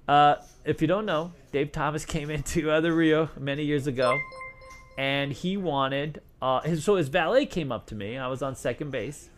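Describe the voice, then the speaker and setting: A man's voice: on the high side, moderate pace, slight background noise. A middle-aged man, a former craps dealer, answering questions and telling stories in a rambling, casual way full of fillers and restarts. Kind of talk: casual storytelling Q&A.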